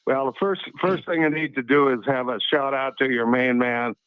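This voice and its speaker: A man calling in to a live show, speaking in a relaxed, friendly way. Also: medium pitch, normal speed, clean tone, no room sound. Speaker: caller. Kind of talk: casual call-in chat. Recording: tinny phone line, dry.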